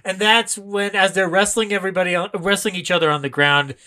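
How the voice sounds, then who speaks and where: A podcast co-host in a casual film analysis chat, animated and laughing often. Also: mid-range voice, a little fast.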